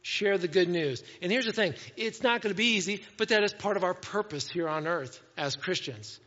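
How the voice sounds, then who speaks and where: Animated pastor preaching in a reverberant hall. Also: male voice, high-pitched. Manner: animated, conversational, acts out quoted voices. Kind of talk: sermon. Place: church sanctuary. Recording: dull sound with long reverb in a hall.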